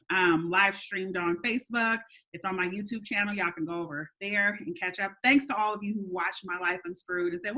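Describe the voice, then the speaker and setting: A woman hosting a casual live stream, talking in a chatty way with lots of "um"s and giving shout-outs, with a slightly nasal voice. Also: mid-range voice. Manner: chatty, warm shout-outs with frequent laughs and "um"s. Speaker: host. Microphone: webcam or phone mic for a live stream.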